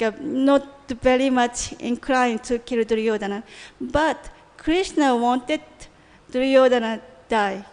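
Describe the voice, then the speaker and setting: High-voiced woman telling scripture stories. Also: darkish tone. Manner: retells story, acting out quoted characters. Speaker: lecturer. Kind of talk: scripture class storytelling. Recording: hall reverb.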